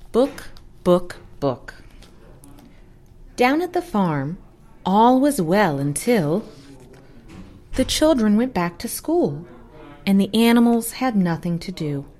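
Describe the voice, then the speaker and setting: Young female reader for a kids' story, slow and very expressive. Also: mid-range voice. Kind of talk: children's story read-aloud.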